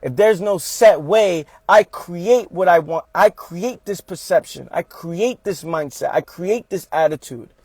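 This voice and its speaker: A man's voice: high voice, a little slow, hardly any pauses, darkish tone, no room sound. A man giving a motivational talk on a livestream, speaking emphatically, repeating his points and calling his listeners "fam".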